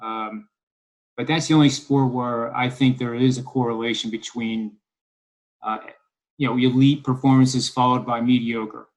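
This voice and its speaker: A man's voice: mid-range voice, fairly even intonation, measured pace, low-quality recording. A man from Philadelphia discussing sports bets on a podcast, rambling and wry with many ums and uhs. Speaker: sports betting analyst.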